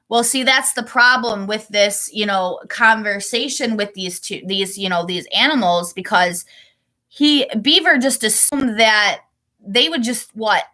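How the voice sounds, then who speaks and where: A woman's voice: medium pitch, pushed and bright. A woman reading her own children's book aloud, breaking off into digressive, apologetic asides.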